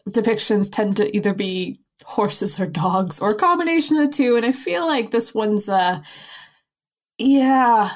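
A woman hosting a casual podcast conversation, chatty and quick to laugh. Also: mid-range voice, lively intonation. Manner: chatty, laughs often, friendly. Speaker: podcast host.

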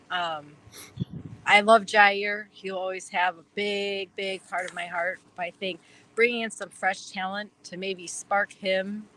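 A woman's voice: mid-range voice, pushed and bright, slight background noise, poor audio. A woman with a Wisconsin accent, chatting eagerly as an interview guest, rambling with lots of fillers. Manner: enthusiastic, rambling with many fillers. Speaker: guest fan. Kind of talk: casual interview chat.

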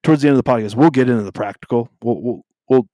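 A man's voice: medium pitch, racing, mellow, no echo. A man co-hosting a podcast, talking casually about faith in a rambling way, with lots of fillers and self-interruptions. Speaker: podcast co-host.

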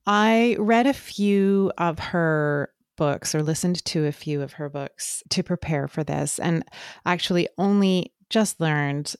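A woman co-hosting a podcast, speaking thoughtfully and pausing often with fillers. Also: deep voice, a little mellow, clear, resonant tone, no room sound, clean studio sound. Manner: thoughtful, hesitant with many fillers. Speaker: podcast co-host. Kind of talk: casual chat.

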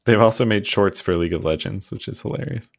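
A man co-hosting a podcast in relaxed casual chat, chuckling and trailing off with fillers. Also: on the low side, fast talker, creaky, no room sound, studio quality. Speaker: podcast co-host.

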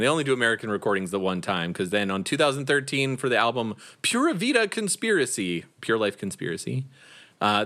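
A man's voice: mid-range voice, bright, forceful tone. A man co-hosting a casual music podcast, laughing often and trailing off mid-sentence. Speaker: podcast co-host.

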